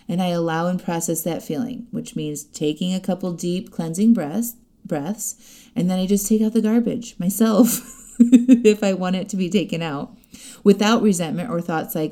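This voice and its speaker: Woman, middle-aged, life coach, chatty and direct, warm dark tone. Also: lowish voice, expressive, normal speed. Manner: chatty, laughs often, direct address to listeners. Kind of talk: podcast-style coaching talk.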